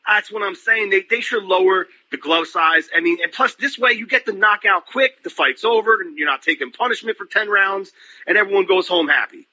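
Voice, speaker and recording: Man, reporter guest, husky, bright, casual rambling talk, muffled phone audio. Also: sits high, brisk. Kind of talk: casual radio chat.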